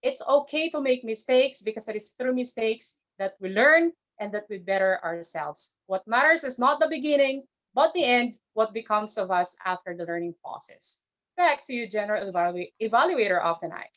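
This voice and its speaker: High woman explaining grammar. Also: expressive, moderate pace. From Philippines. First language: not English. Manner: careful teacherly explaining of grammar and pronunciation. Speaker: grammarian at an online club meeting. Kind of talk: speech-club language evaluation. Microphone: video call. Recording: dull lo-fi video call audio.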